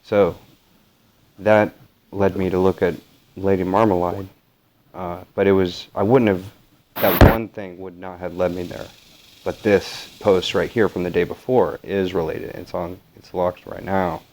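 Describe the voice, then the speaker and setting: A man's voice: deep voice, steady tone, measured pace, darkish tone, a little hiss or hum, poor audio. A man talking through a casual vlog, meandering with frequent fillers and self-corrections. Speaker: channel host. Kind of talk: rambling casual vlog commentary.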